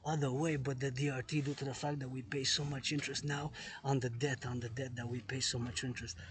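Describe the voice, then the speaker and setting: A man's voice: mid-range voice, level tone, quick pace. Emphatic man repeating his phrases. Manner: repetitive, emphatic, loops phrases over and over. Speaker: vlogger. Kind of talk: outdoor monologue vlog. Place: outdoors in a public place at sunset.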